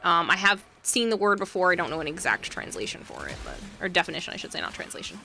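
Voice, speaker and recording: A woman's voice: fairly low pitch, big pitch swings, fast talker, vocal fry, sharp tone, faint music behind. A woman streaming a game, chatting casually and reading viewer messages aloud with fillers and asides. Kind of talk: casual livestream chat.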